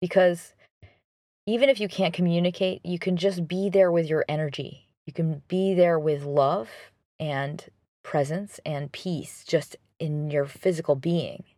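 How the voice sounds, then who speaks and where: A woman hosting a relationship advice talk, guiding the listener through a reflection in a calm, instructive way. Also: fairly low pitch, unhurried, no room sound.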